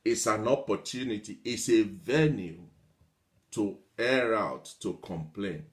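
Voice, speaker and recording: A man's voice: fairly low pitch, slow pace. Man giving a motivational talk, repeating lists. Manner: repetitive, builds long lists of examples; mimics complainers in a whiny voice. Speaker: motivational speaker.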